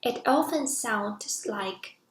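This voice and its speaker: A woman leads a beginner pronunciation lesson at an unhurried, deliberate pace. Her voice sits high and she stretches each model syllable for learners to copy. The recording has a noticeable room echo. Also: expressive. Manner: drawn-out model pronunciations for repeating. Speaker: Mandarin teacher. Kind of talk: slow, careful language lesson. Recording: echoey room.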